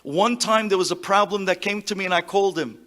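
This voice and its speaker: Impassioned high, bright-voiced rabbi. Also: male voice, fast talker. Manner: impassioned, swinging from loud exclamations to hushed tones; sprinkles Hebrew words into English. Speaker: rabbi giving a eulogy. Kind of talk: memorial speech to a gathering.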